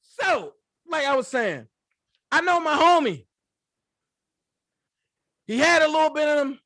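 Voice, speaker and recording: A man with a very high, bright, forceful voice rants through a profane commentary stream. He sounds close to the mic in a dry room with no echo. He breaks into loud outbursts and mocking impressions. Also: expressive, a little slow. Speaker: political commentary channel host.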